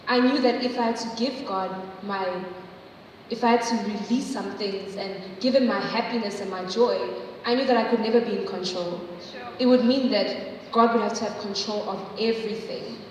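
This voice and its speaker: Young woman, church testimony, chatty, high-ish voice, long hall reverb. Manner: chatty and animated, with many "like"s and acted-out quotes. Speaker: church speaker sharing a testimony. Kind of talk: sermon-style testimony. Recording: echoey hall from far off, faint noise.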